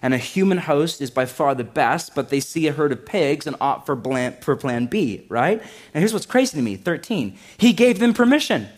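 A male pastor preaching a sermon in a relaxed, conversational way, joking and saying "like" a lot, to a live congregation in a church. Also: mid-range voice, moderate pace.

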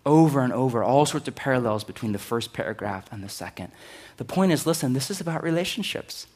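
A middle-aged man pastor preaching a sermon in an emphatic, energetic way, climbing to loud high peaks and dropping to quiet low stretches. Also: fast talker. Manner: energetic, emphatic preaching with sudden rises in pitch and volume.

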